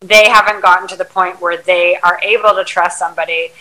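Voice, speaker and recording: A woman guest chatting about relationships in a reflective, advice-giving way, with plenty of ums and pauses. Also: on the low side, fairly even intonation, bright, forceful tone, poor audio. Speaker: podcast guest, charter yacht crew. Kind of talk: casual interview chat.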